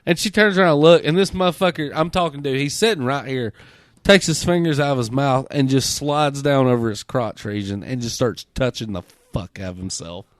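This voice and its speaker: A man hosting a podcast, telling a story in a casual, profane, animated way and mimicking the people he quotes. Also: mid-range voice, brisk, no room sound. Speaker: podcast host.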